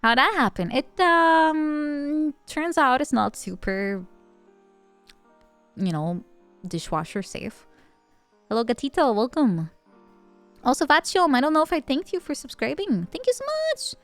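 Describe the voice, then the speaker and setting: A woman's voice: high-pitched, lively intonation, measured pace, long pauses, fairly bright tone, no room sound. A young woman with a Dutch accent, a native Dutch speaker, streaming and chatting casually with viewers, giggly and playful. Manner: giggly, playful, chatty, reading chat aloud. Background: faint background music.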